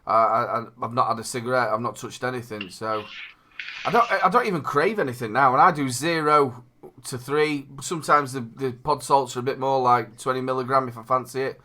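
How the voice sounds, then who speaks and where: Bright chatty Northern English man. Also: medium pitch, a little fast, slight background noise. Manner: chatty, laughs readily, repeats words. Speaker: podcast host. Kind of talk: casual chat.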